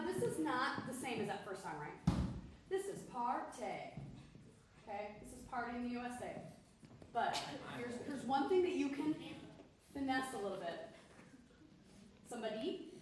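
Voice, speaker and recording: Woman vocal coach, high and playful, teasing but encouraging; echoey room, mic far off. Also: background noise. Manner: breaks into sung demonstrations. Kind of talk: coaching a singer.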